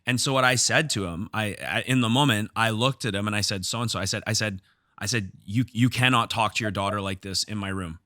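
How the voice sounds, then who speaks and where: A man's voice: fairly low pitch, brisk, sharp tone, dry recording, studio quality. A man hosting a podcast, telling a story from his gym in a casual, heated way, restarting his sentences. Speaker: podcast host and gym owner.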